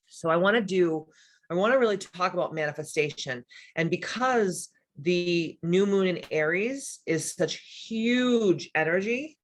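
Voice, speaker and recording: A woman's voice: on the low side, a bit bright. A woman hosting a casual livestream who talks in an emphatic, candid way, swears freely and reads out viewers' comments. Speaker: livestream host and spiritual coach.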